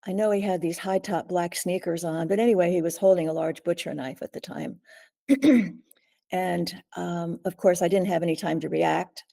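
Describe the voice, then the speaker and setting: An older woman, a guest in an interview, recounting a frightening ordeal slowly and steadily, often pausing to clear her throat. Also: fairly low pitch, steady tone, dark tone. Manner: measured, frequent throat clearing. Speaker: guest, author.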